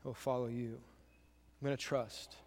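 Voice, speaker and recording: A man's voice: mid-range voice, level tone, normal speed, a little mellow, long reverb tail. A male pastor giving a sermon, repeating key phrases and asking the congregation questions. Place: church sanctuary.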